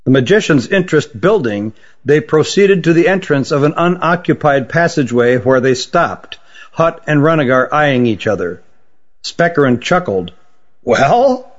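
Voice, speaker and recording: A man narrates a fantasy storybook in a measured, even manner. His voice sits a little high for a man. The recording is dull and lo-fi. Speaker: audiobook narrator. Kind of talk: scripted narration.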